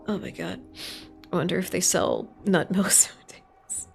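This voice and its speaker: A woman's voice: fairly low pitch, big pitch swings, normal speed, creaky, soft background music. A woman streamer in casual, rambling chat while crafting on stream, swearing now and then and poking fun at herself. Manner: rambling, sweary, self-mocking.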